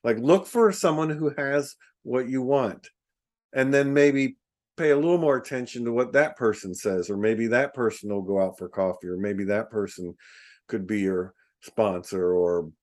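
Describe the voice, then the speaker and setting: Man, podcast host, reflective, thoughtful, mid pitch, conversational. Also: normal speed. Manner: reflective, warm agreeing. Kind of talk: casual spiritual conversation.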